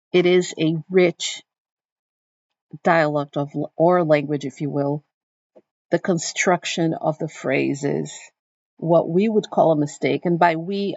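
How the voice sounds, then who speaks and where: Woman lecturer, thoughtful and explanatory, with a gravelly voice and a dry, dull sound. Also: sits low, a little mellow, no room sound. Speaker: literature teacher. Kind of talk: recorded literature lecture.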